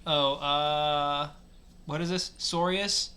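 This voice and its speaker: A woman's voice: low voice, fairly even intonation, slow pace, pushed and bright. A woman co-hosting a comic reading of fan fiction, joking around in playful, giggly banter. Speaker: co-host reading aloud. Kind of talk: casual chat and comic reading aloud.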